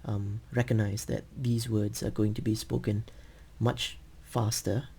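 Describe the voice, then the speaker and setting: A man teaching English over a video call, explaining patiently and slowly with frequent ums. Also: fairly low pitch, flat delivery, creaky, dark tone, breathy edge. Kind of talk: screen-share teaching demo.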